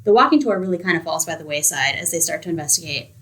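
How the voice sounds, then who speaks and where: A woman's voice: low voice, animated, rapid-fire, fairly bright tone, rough recording. Enthusiastic woman recommending a book. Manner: enthusiastic, acts out characters' lines. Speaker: library podcast co-host. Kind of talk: casual book recommendation chat.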